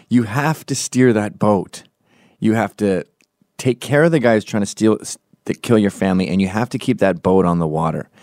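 A man's voice: lowish voice, normal speed, a little mellow, no room sound, studio quality. A man in his forties doing a profane, opinionated comedic podcast monologue, slipping into quoted voices as he tells stories. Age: 40s. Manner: acts out quoted voices mid-story.

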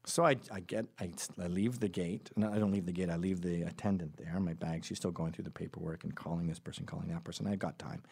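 A man's voice: low-pitched, fairly even intonation, fast, hardly any pauses, darkish tone, husky. A man hosting a podcast, telling a long casual story with many asides and self-corrections, and acting out the other people in it. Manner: acts out quoted voices in the stories. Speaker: podcast host.

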